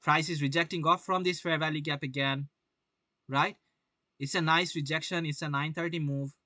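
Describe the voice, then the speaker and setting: A man's voice: fairly high pitch, steady tone, normal speed, bright, forceful tone, dry recording. A young man doing live-stream market commentary, brash, swearing often and firing rhetorical questions at his viewers.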